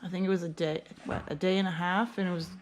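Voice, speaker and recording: A woman's voice: on the low side, fairly even intonation, fast talker. A woman vlogging at home as she feeds her dogs, chatting casually and coaxing them in a rising pet-talk voice. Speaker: dog owner vlogger. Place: home kitchen with dogs around. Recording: noisy home audio with background ambience.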